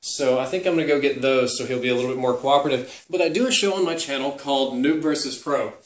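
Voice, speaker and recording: A young man answering viewer questions in casual chat to camera. He is upbeat and breaks off now and then to talk softly to his dog. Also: mid-range voice, fast talker. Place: room at home. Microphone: camera held by his wife. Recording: echoey room.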